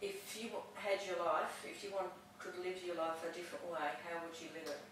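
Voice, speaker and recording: A counsellor speaking in a calm, measured way, with brief affirmations. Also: mid-range voice, background noise. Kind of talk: counselling session conversation. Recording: echoey room, far from mic.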